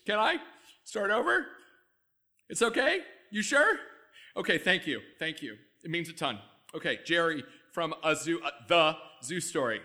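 A sketch comedian doing a comic audition monologue, nervous and flustered, swinging between mumbling and shouting. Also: male voice, on the high side, very animated, moderate pace.

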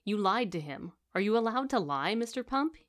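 A woman reading aloud the lines of a glib, quick-tongued male con man who protests and argues. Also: mid-range voice, very animated, voice pushed up, natural voice. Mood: indignant.

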